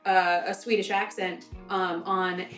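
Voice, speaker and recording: Her voice runs on the low side here, level and a little slow, a bit bright, with faint music in the background. The young Southern woman keeps up her rambling, self-interrupting cooking-vlog chatter in an echoey kitchen, recorded from far off.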